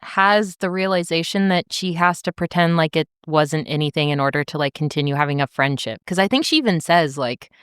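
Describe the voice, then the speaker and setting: A woman's voice: deep voice, brisk, hardly any pauses, a bit bright, clean tone, no room sound, studio quality. A woman co-hosting a podcast, gushing and giggling while discussing a novel. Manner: giggly, gushing, lots of fillers. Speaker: podcast co-host. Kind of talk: casual book discussion.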